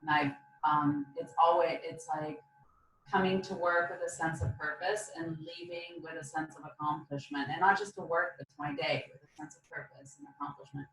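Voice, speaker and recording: A woman's voice: sits low, steady tone, normal speed, a bit bright. A woman guest in a casual podcast interview, speaking thoughtfully in a loose, reflective way. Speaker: interview guest, marketing manager. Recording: echoey, distant, faint background noise.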